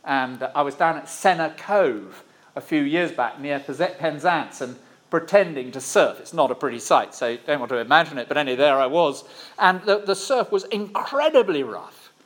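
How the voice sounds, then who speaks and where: A man delivering a sermon, his voice sitting slightly high for a man. He mixes wry asides with slow, dramatic pauses. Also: lively intonation, a bit bright. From Cornwall, England. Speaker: preacher.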